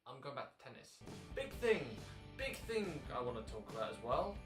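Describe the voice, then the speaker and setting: A man's voice: medium pitch, big pitch swings, moderate pace, far from the mic. Chatty British young man, echoey room. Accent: British English. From Britain. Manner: chatty, dry jokey asides. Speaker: vlogger. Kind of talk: casual vlog narration. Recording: echoey room with background music.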